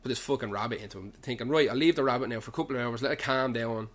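A young Irish man hosting a podcast in a pub reels off a comic, rambling story at very fast speed, swearing heavily. He uses Dublin slang, his mid-range voice is a touch bright, and the tale runs on loosely.

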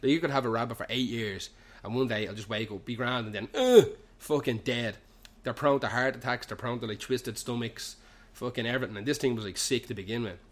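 Fast and nearly pause-free, the host's medium-pitched voice stays steady and a bit bright. He's a young Irishman with Dublin slang, spinning a loose, expletive-heavy anecdote for laughs in a pub.

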